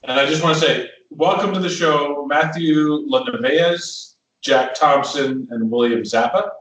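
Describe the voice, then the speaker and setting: A man's voice: a little high, measured pace, a bit bright. A man co-hosting a movie podcast, wry and joking in casual chat. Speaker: podcast co-host. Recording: echoey room, distant mic.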